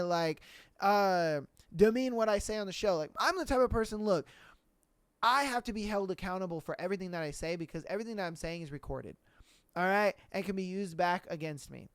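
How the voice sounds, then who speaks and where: A man with a high, slightly quick voice hosts a solo podcast, ranting bluntly and animatedly in casual slang with lots of swearing. The audio is clean with no room sound.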